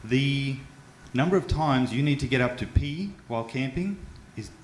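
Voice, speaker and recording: Australian male comic, mid-pitched, stumbling and self-deprecating, roomy club sound. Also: expressive, moderate pace. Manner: chatty, self-mocking, with frequent stumbles and fillers. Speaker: stand-up comedian. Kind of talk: stand-up comedy set. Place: comedy club stage. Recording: roomy club sound with faint background noise.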